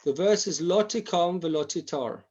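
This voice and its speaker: Animated rabbi teaching over video call. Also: male voice, sits high, a little slow, breathy edge, muffled recording. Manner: animated, acts out examples, restarts sentences. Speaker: rabbi teaching Torah class. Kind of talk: online Torah lesson.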